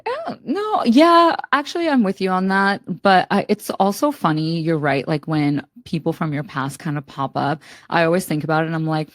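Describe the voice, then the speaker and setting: A young woman with a low voice chats easily as a podcast co-host, giggling often and dropping "like" all through. She is a bit under the weather, and her voice sounds dry and close. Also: expressive, normal speed, few pauses, dry recording. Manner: chatty, laughs often, lots of "like". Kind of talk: casual chat. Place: at home, recording remotely.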